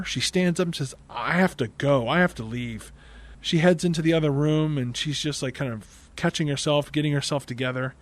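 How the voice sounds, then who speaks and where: A tired man hosting a podcast, casually recapping a film's plot with dry, wry asides. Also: on the high side. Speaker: podcast host.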